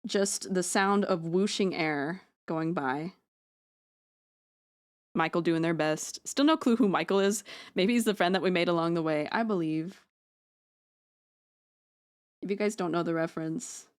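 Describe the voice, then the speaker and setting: Her voice is lowish and her pace a little slow, broken up by long pauses. She's a woman drawing on a home live stream with a close mic, rambling through casual chat, tossing in jokey asides at her own expense and swearing liberally.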